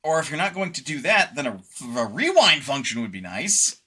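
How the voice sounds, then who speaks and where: Tired guy rambling through his stream outro, kinda bright voice, yawny. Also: fairly high pitch, sing-song, normal speed, breathy edge. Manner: rambling, laid-back, sleepy. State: tired, yawning. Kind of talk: casual stream outro chat.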